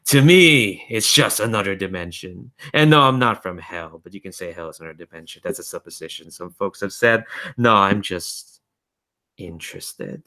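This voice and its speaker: A man's voice: low voice, moderate pace, sharp tone. A man voicing a bored, mocking being from another dimension, talking in an amused, condescending way.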